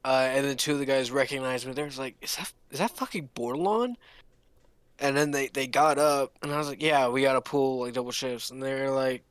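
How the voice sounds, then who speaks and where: A young man telling a long story casually, rambling with restarts and pitching up to mimic others. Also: little pitch movement, fast talker, hardly any pauses, fairly bright tone, smooth, no echo. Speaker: podcast co-host. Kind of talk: casual storytelling among friends.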